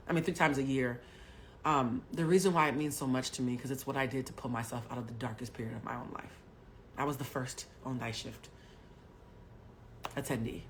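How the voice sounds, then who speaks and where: On a home livestream captured by a webcam or phone mic, a woman in her forties from Haiti, a spiritual coach, shares a personal story bluntly and with profanity. She has a bass voice, shifts between loud outbursts and quiet asides, and there's slight background noise.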